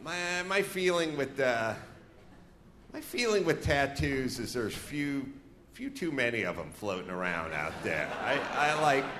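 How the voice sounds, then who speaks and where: A man's voice: mid-range voice, very animated, unhurried, a bit bright. A man from North Hollywood hosting a live comedy podcast on stage, ranting and joking crudely. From North Hollywood, California. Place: live venue stage with audience. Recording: echoey live venue sound.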